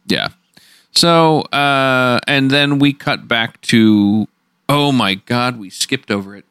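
A man's voice: medium pitch, slow, bright, forceful tone, clean tone, dry recording. A man hosting a podcast, animatedly recapping a TV episode in casual, jokey chat. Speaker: podcast host.

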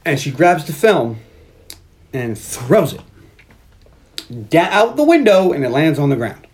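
A podcast co-host recapping a film in casual chat, animated and swearing freely. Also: medium pitch, measured pace.

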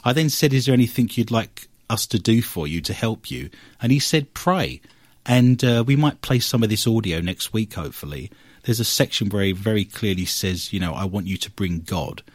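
A man hosting a radio show, recounting a paranormal investigation as an animated storyteller who works through his notes. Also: fairly low pitch, fairly quick, no room sound. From England.

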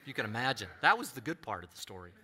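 A middle-aged man preaching, who tells a personal story with animated delivery and acts out other voices. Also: mid-range voice, rapid-fire, husky. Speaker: pastor.

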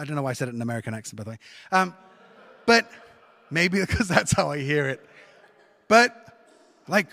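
A male pastor delivers a sermon in a lively, conversational way, dropping joking asides to the congregation. His voice sits fairly high for a man. The sound carries a long church reverb around it. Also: gravelly.

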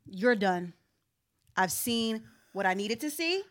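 A woman's voice: medium pitch, animated, slow, fairly bright tone. A woman hosting a casual chat, teasing and emphatic, often repeating herself. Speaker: podcast host.

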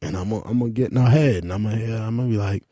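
A man hosting a casual chat, talking in a brash, profane way and jumping into high-pitched outbursts while telling stories. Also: fast, dark tone, no room sound, studio quality.

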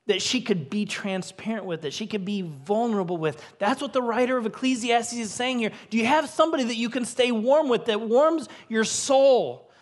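A man in his forties, a co-lead pastor, preaching a sermon to his congregation with earnest, emotional personal stories. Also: sits high. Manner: earnest, emotional storytelling with rising emphasis. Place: church stage before a congregation.

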